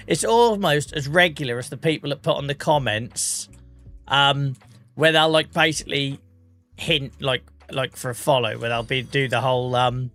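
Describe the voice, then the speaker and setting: A chatty man from the UK with an English regional accent, a bit under the weather, talking on a live stream. His voice is bright and forward, with faint music playing behind him. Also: fairly high pitch, animated, moderate pace. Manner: chatty, laughs often, British slang. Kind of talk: casual live-stream chat.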